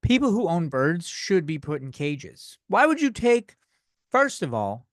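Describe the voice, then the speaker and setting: A young man delivers a comedic podcast rant, swearing freely and working himself up as he goes. His voice sits a little high. The sound is dry and close to the mic, with no room around it. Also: big pitch swings, unhurried, dry recording. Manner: ranting, profane, worked-up and loud at times. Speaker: podcast host.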